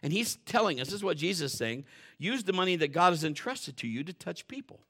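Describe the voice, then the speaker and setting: A male pastor delivering a sermon in a church, his voice pitched a little high and ringing bright. He preaches in a folksy, joking manner. He drops to quiet asides and climbs to loud, fervent passages. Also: big pitch swings, quick pace.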